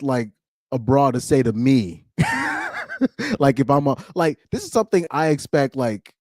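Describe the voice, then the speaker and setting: Ranting man, mellow voice, lively pitch. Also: dry recording, clean studio sound. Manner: blunt, ranting, laughs often. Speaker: commentary streamer. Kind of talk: casual reaction commentary.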